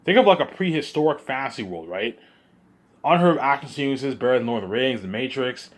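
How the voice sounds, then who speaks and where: A man's voice: mid-range voice, expressive, brisk. A man vlogging in a rambling monologue, hyped up and repeating himself as he circles back to the same points.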